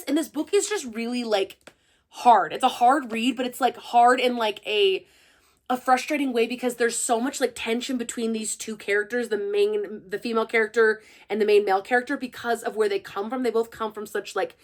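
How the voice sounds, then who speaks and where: A young woman who hosts a book channel, chatting casually and excitedly to her viewers. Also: a little high, brisk. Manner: gushing and chatty, full of fillers. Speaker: book reviewer and channel host. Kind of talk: casual chat to camera.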